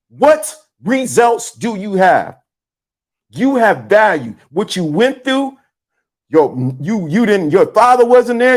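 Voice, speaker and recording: A man preaches to his livestream viewers. He repeats key lines and spells words out letter by letter in a motivational talk. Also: high voice. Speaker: livestream host.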